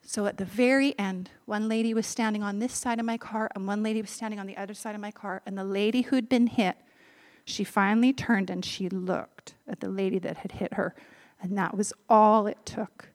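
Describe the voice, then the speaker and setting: A woman's voice: mid-range voice, steady tone, moderate pace. A woman preaching, telling a personal story in an earnest, conversational way and speaking directly to a congregation of grown-ups and children.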